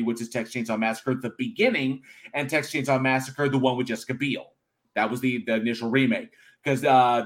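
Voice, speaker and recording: A man co-hosting a horror podcast, talking casually and animatedly, laughing often. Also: mid-range voice. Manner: animated, laughs a lot, mocks with put-on quotes. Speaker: podcast co-host. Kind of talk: casual chat.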